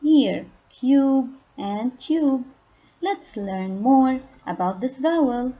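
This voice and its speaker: A woman teaching a phonics lesson to young children, speaking patiently and stressing each target word loudly. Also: high-pitched, lively intonation, extremely slow, lo-fi sound. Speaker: kindergarten English teacher.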